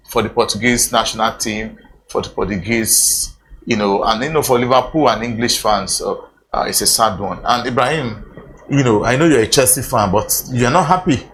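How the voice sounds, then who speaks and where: A man with a Nigerian accent hosting a TV sports show in a studio, speaking haltingly with many fillers and repeated phrases. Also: lowish voice, a bit bright, poor audio. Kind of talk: studio discussion, casual.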